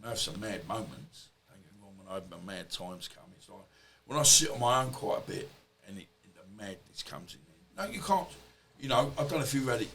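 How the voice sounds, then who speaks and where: A man's voice: lowish voice, expressive, a little fast, hardly any pauses, a bit bright. A man, a podcast guest, telling stories in a rambling, colloquial way and swearing freely. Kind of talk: casual storytelling interview.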